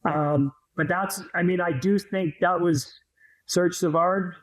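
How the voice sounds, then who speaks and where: A man's voice: high voice, steady tone, slow, rough recording. A man in his fifties, a podcast guest and former hockey player, telling long rambling stories in casual chat and laughing as he goes.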